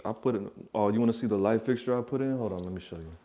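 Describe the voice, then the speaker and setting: Man, reaction host, low-pitched, mellow, blunt casual monologue, swears a lot, joking advice. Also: very fast. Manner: profane, rambling, joking advice. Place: his apartment.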